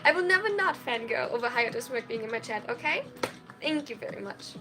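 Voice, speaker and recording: Speaking from a small dorm room with faint music playing behind her, a young adult woman with a high, bright-pitched voice reads chat messages aloud on a live stream and reacts in quick bursts of excitement. Her casual talk carries the tiredness of someone short on sleep.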